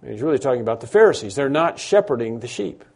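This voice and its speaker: A man's voice: medium pitch, big pitch swings, quick pace, a little mellow. A man preaching a sermon, emphatic, building through repeated phrases and frequent restarts. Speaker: pastor.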